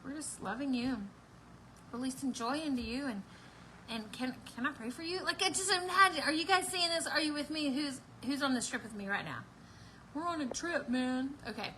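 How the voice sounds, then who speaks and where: A woman's voice: sits high, moderate pace, pushed and bright, slight background noise, low-quality recording. A woman hosting a live online prayer meeting, bubbly and laughing as she preaches and talks straight to her viewers. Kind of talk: excited livestream preaching and chat.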